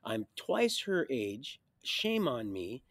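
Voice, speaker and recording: A man rambling through a personal life story on a livestream, jumping between loud bursts and quiet mutters. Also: mid-range voice, big pitch swings, slow pace, no room sound. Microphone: streaming mic.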